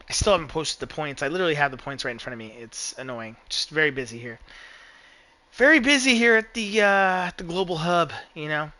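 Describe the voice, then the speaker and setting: A young man streaming a racing game, chatting casually to his viewers with profane, excitable banter and frequent laughs. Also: mid-range voice. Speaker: gaming streamer. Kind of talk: casual live commentary while playing.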